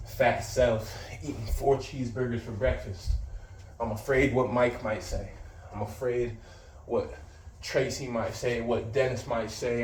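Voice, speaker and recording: A man's voice: mid-range voice, darkish tone, distant mic. A man in casual vlog talk, blunt and slangy, swearing and boastful, a little out of breath. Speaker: vlogger. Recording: roomy sound from off the mic with faint background noise.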